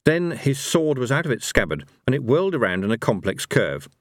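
A man narrating an audiobook in a lively, expressive reading. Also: mid-range voice, brisk, no room sound, clean studio sound.

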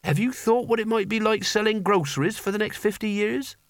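A man's voice: high-pitched, a little fast, no room sound, studio quality, voice pushed up. A man reading aloud, voicing a gangly, naive young man who earnestly wants to be a barbarian hero, in a raised voice. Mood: eager. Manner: eager, earnest and chatty.

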